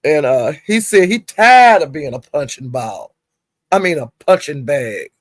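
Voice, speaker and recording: A woman's voice: sits low, big pitch swings, a little slow, no room sound, studio quality. A woman casually recounting gossip, chatty and profane with laughing asides. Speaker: gossip vlogger.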